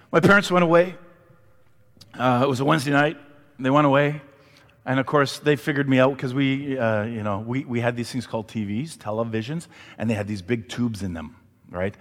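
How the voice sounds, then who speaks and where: A man preaching a sermon, an animated storyteller who asks the congregation questions. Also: medium pitch, long reverb tail. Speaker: pastor.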